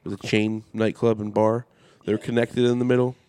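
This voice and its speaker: A man's voice: fairly low pitch, flat delivery, fairly quick, dark tone, smooth. A male comedian from the United States, a guest on a podcast, spinning a nightclub story. He swears freely and plays up the drama of every beat. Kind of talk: casual podcast chat.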